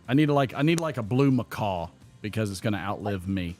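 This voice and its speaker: Animated man telling stories. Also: fairly quick, faint music behind. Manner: animated storyteller, acts out quotes in a higher voice. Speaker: podcast host. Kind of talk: casual live-stream chat.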